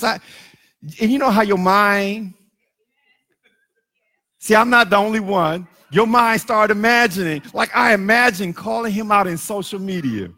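A middle-aged pastor's high, bright voice has a gravelly edge as he preaches at a moderate pace. He drops low for hushed asides, then lifts into singing and shouting.

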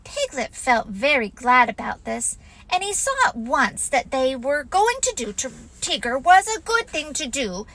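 Woman gently reading a storybook. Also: high-pitched, big pitch swings, a little slow, poor audio. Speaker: narrator.

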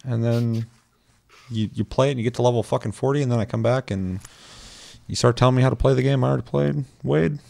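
A man's voice: mid-range voice, fast talker, creaky, slight background noise. A man hosting a casual gaming podcast, swearing freely and slipping into joking voices for quoted lines. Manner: profane, animated, jokey voices for quotes. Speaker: podcast host.

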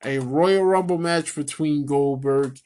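A man's voice: on the high side, a little slow. A man giving a casual solo wrestling rant, rambling with fillers and calling his viewers "people", and getting worked up and cursing. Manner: swings from excited to angry ranting, swearing. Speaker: wrestling commentary vlogger.

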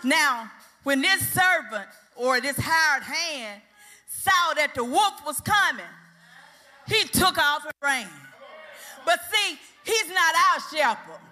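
Older woman, fervent preacher, high bright voice, hall echo, music under. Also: lively intonation, slow. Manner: fervent, rising to shouted praise. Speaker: church speaker. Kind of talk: sermon. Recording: echoey hall with music behind.

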